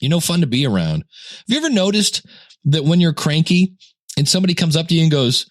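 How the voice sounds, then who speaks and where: A man's voice: a little high, very animated, brisk, dry recording, studio quality. A middle-aged man hosting a podcast in casual talk, joking and acting out little scenes. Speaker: podcast host.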